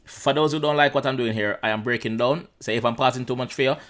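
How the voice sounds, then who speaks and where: A man's voice: mid-range voice, quick pace, fairly bright tone. Jamaican guy breaking down songs in patois. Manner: chatty, repeats himself, mixes in patois. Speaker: reaction channel host. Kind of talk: casual song breakdown.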